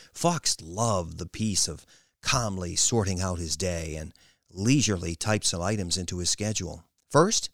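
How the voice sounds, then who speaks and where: Expressive low-voiced male narrator. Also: no room sound, studio quality. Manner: expressive, lingering storytelling. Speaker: audiobook narrator. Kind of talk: scripted narration.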